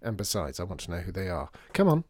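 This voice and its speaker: A man's voice: low-pitched, fast, dry recording, clean studio sound. A man voicing a cheerful, pun-loving father in a storybook, chatty and jokey. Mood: playful. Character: cheerful, punning single father, playful.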